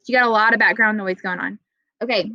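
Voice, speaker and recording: A young adult woman teaching an online writing class, patient and encouraging, reading example sentences slowly. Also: medium pitch, steady tone, pushed and bright, no room sound, muffled recording. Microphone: video call.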